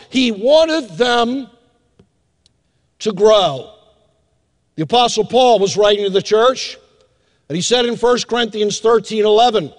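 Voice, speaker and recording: An older man preaching a sermon as pastor, animated, acting out little scenes with hushed asides and drawn-out emphasis. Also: high-pitched. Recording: long hall reverb.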